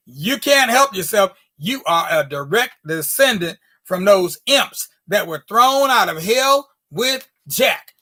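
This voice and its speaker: A woman storyteller telling a folk tale to an audience with dramatic, drawn-out delivery. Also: fairly high pitch, pushed and bright.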